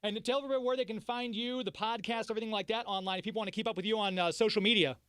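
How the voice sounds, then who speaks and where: High-voiced radio host, smooth and dry. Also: male voice, steady tone, fairly bright tone, no room sound. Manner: friendly, laughs often, quick interjections. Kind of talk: casual interview chat. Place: radio studio.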